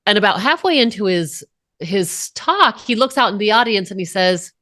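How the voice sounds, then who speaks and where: A woman from Colorado, a podcast guest telling a personal story in an earnest, unhurried way with emphatic pauses. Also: mid-range voice, expressive, fairly bright tone, no echo, clean studio sound. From Colorado, USA.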